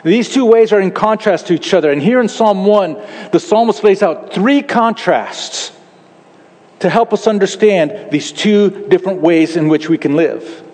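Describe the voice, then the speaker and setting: High-voiced preacher in a reverberant hall. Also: male voice, moderate pace, darkish tone. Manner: emphatic preaching, stressing key words. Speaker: pastor. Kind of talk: sermon.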